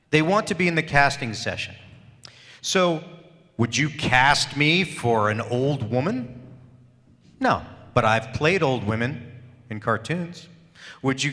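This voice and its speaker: A man talks to a crowd at a convention panel, emphatic and fond of rhetorical questions. His tone is bright and forceful. A long reverb trails his words through the large hall. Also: mid-range voice. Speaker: voice actor panelist.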